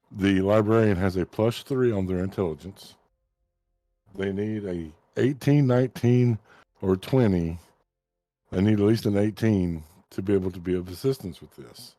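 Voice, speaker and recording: A man running a tabletop game as game master, relaxed and quick to laugh. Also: fairly low pitch, dry recording, clean studio sound.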